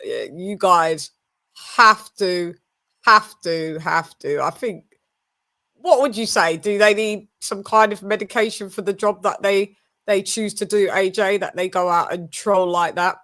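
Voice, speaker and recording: A woman's voice: mid-range voice, measured pace, pushed and bright. A British woman hosting a casual online show, chatty, laughing and loose with her words. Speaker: host. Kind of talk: casual chat.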